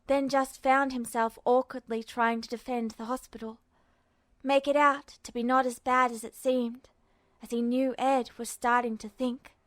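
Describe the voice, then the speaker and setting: A woman reading a fanfiction story aloud as a podfic, with steady, measured narration. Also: fairly high pitch, no echo. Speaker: podfic reader.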